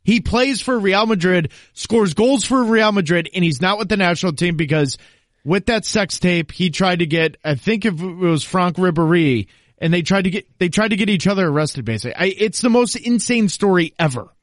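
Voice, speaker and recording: A man's voice: high-pitched, moderate pace, no room sound, studio quality. A man talking soccer on a podcast as an analyst guest, emphatic and confident as he explains at length. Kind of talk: casual podcast chat.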